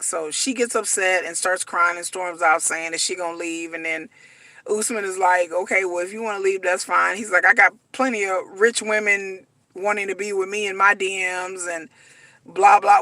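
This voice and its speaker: A woman ranting casually to her viewers about a reality show, acting out the people she talks about in an animated way. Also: sits high, no room sound. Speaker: reality TV commentator.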